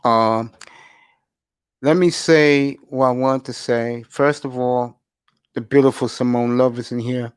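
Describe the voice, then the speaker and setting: A man's voice: medium pitch, fairly even intonation, measured pace, slight background noise. A man hosting a casual live chat show, often stammering and repeating words. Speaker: host.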